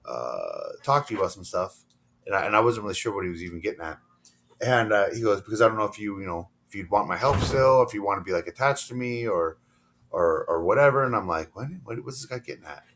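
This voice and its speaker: Low-voiced man telling a rambling story. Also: a bit bright. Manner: rambling, acts out quoted dialogue. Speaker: interview guest, professional wrestler. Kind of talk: casual storytelling interview.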